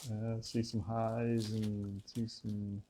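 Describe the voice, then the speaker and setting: A man's voice: on the low side, flat delivery, slow pace, mellow, a little hiss or hum. Easygoing man with a slight Southern accent. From United States. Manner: easygoing, reads viewer comments aloud. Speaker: co-host of a cooking channel livestream. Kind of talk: casual live-stream chat.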